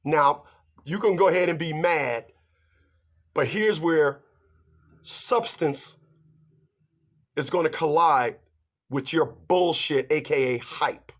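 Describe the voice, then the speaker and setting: A man giving relationship advice in an animated monologue, emphatic and stammering as he talks straight to his audience. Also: on the high side, slow, pauses often. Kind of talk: animated ranting monologue to viewers.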